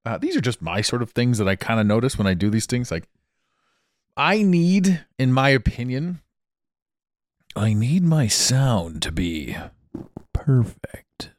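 A man's voice: medium pitch, sing-song, moderate pace, no room sound, clean studio sound. A Canadian man hosting a solo podcast, chatting in a rambling way and laughing often, recorded in a small dampened room on a travel mic. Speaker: podcast host. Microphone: portable travel mic.

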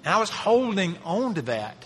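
A man's voice: high voice, big pitch swings, moderate pace, a bit bright, big-room sound, soft background music. A man preaching a sermon as a pastor, earnest, lifting his voice to stress key phrases.

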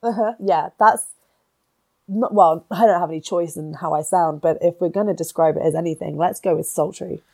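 A woman's voice: on the low side, moderate pace, gravelly, a little mellow. A woman co-hosting a podcast in casual chat, with a stuffy nose from a cold and a giggly, self-deprecating manner. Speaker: podcast co-host.

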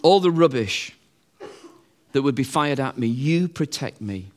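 A man's voice: medium pitch, animated, a little slow. A middle-aged man preaching a sermon in a conversational way, acting out the voices of other people.

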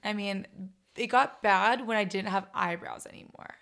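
Woman, schoolteacher, mid pitch with lots of fry; upbeat, chatty. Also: moderate pace, fairly bright tone. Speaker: third grade reading teacher. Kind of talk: casual conversation.

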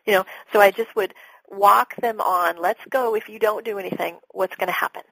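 A middle-aged woman speaks as a business coach on an interview show, her voice a little husky. She talks with animation and slips into little acted-out exchanges with clients. The sound is dry and close, with no room around it. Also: medium pitch, normal speed, no echo, rough recording. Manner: animated, acts out sales calls with clients. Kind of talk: podcast interview talk.

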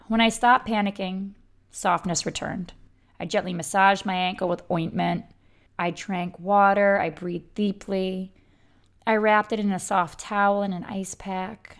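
A woman who belly dances gives a reflective self-help talk, speaking candidly and gently with the odd casual swear word. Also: medium pitch. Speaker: belly dancer sharing self-healing practice.

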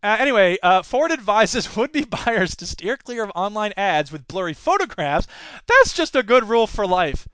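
A man's voice: sits high, sing-song, moderate pace, a bit bright, clean tone, dry recording. A man hosting a podcast, reading news items and riffing with jokes in a rambling, playful way. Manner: jokey, rambling, slips into silly voices. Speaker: podcast host. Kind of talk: comedic news commentary.

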